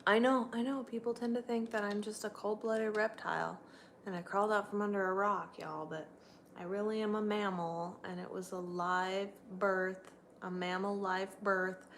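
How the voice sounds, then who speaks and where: A woman's voice: steady tone, normal speed, fairly bright tone, a little hiss or hum. Chatty middle-aged woman at home. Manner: chatty, talks to her pets in a high sing-song voice. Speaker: vlogger. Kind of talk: casual livestream chat. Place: home, indoors.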